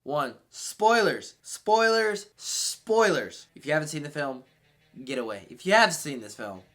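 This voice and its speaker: A man giving a casual, excitable movie review, swearing freely as he reacts. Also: medium pitch, a little fast.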